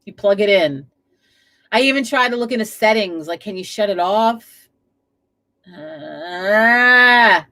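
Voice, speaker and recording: A woman's voice: mid-range voice, expressive, slow pace, pauses often, bright, forceful tone. A woman hosting a casual live stream from home, chatty, laughing often and swearing freely. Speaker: livestream host. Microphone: webcam setup at a desk.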